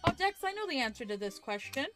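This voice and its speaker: A woman's voice: high voice, sing-song, fast talker, a bit bright, faint music behind. Giggly woman streamer reading a visual novel. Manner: giggly, swears casually, chats with viewers. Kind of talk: live game stream chat and reading aloud.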